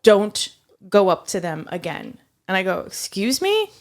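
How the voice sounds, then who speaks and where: A young adult woman co-hosting a podcast, telling a story in casual chat and acting out the quotes with big jumps in her voice. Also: a little slow. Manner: animated, acts out quotes with big pitch jumps, swears. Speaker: podcast co-host.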